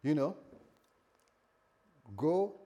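A husky-voiced male pastor voicing God as a calm, firm, fatherly guide, gently instructing and insisting. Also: fairly high pitch, drawn-out words, highs cut off. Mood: firm coaxing.

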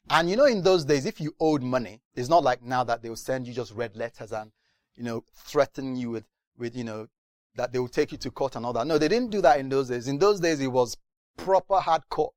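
Lively man preaching a sermon. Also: medium pitch, fairly quick, no room sound. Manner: animated storytelling with acted voices.

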